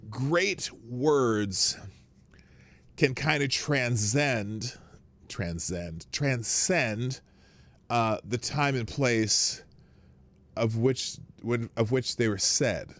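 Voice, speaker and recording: Animated man hosting a live stream. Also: mid-range voice, drawn-out words, gravelly, pauses often. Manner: animated, greets viewers by name, rambling asides. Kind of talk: casual live-stream chat.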